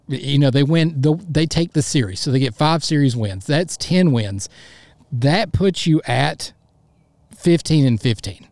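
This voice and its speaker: A man's voice: on the high side, a little mellow, no room sound. A man hosting a solo sports podcast, ranting in a fired-up, frustrated way and bluntly repeating himself for emphasis. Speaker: podcast host.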